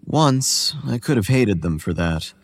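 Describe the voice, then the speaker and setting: A weary, ageless boy tells his story, as a man narrates it. The low voice stays quiet, measured and tired, like horror storytelling on a podcast. Soft music sits faintly behind it. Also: animated. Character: weary, homeless boy who looks about eleven.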